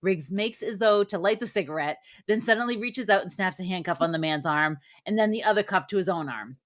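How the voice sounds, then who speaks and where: A woman co-hosting a movie podcast, recapping the plot in a steady, plain way. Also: medium pitch, a little fast. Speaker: podcast co-host. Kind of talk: reading a plot summary.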